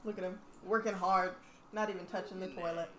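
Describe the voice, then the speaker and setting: A woman's voice: lowish voice, steady tone, brisk, roomy sound, slight background noise. A young woman in casual gameplay commentary, chatting and teasing at the game characters as she plays. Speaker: gaming channel host.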